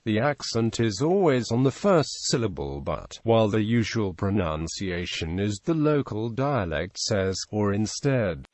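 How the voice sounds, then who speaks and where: A synthetic male voice reads an encyclopedia article at a steady, flat pace. Foreign names come out mangled now and then. The sound is dry and close, with no room around it. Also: mid-range voice, dry recording. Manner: flat, even, synthetic reading with odd mispronunciations. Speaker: narrator.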